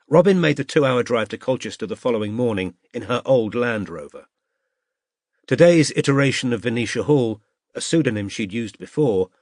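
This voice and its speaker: A man reads a detective novel aloud at a measured, steady pace, his voice sitting in an ordinary middle pitch. The recording is dry and close, with no room sound at all. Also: no echo. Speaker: audiobook narrator. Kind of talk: scripted narration.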